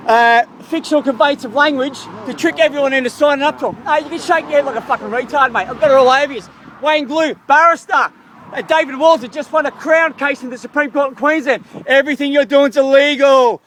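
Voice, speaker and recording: A man's voice: very high-pitched, fairly bright tone, a little hiss or hum. An Australian man in a heated street argument with police, ranting angrily and swearing a lot. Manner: angry, profane ranting. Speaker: member of the public confronting police.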